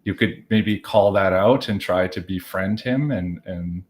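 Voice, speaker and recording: A man's voice: deep voice, unhurried. A man running a tabletop role-playing game, narrating in long, rambling chains of "as he just says" with lots of fillers. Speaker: game master.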